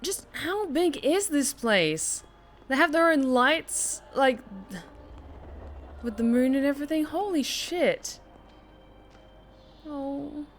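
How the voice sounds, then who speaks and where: Excitable woman streaming a game. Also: sits high, slow pace, pauses often, faint music behind. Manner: excitable, exclaiming and swearing. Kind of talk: casual gameplay commentary.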